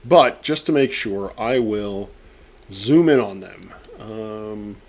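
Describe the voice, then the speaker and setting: With a pen clamped in his mouth, a man who teaches astronomy mumbles a halting, filler-heavy narration of his data work for a live stream. His pitch is fairly low.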